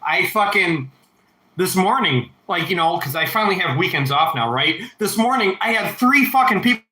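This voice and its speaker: Man, 30s, livestream host; rambling, profane, sharp bright tone, echoey room. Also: sits high, expressive, normal speed. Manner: rambling, heavy swearing, reads chat aloud. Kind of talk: casual livestream chat.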